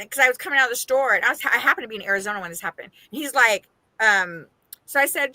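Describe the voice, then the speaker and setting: Animated woman chatting about dating. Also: fairly high pitch, brisk, no echo. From Las Vegas area. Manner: animated, acts out quoted voices, laughs often. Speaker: podcast co-host. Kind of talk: casual chat.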